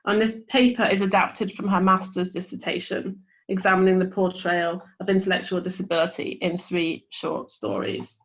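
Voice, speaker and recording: A woman's voice: on the low side, flat delivery, normal speed, hardly any pauses. Chatty woman chairing an online seminar. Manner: chatty and self-deprecating, with many ums. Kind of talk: introducing speakers at an online seminar. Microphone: video call. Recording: dull lo-fi video call audio.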